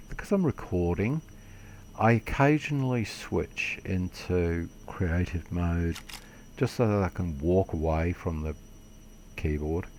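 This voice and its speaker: A very deep, gravelly male voice that talks slowly and loosely through a game tutorial. He rambles, pokes fun at his own mistakes and drops the odd mild swear word. A faint hiss sits behind him. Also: a little mellow. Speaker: gaming video creator. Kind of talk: casual game tutorial commentary.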